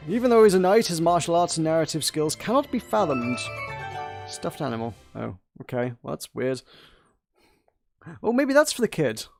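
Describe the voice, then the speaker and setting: A man's voice: on the high side, sing-song, normal speed, vocal fry, faint music behind. A man playing a video game with a friend, chatting casually and reading the on-screen game text aloud. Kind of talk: casual let's-play chat.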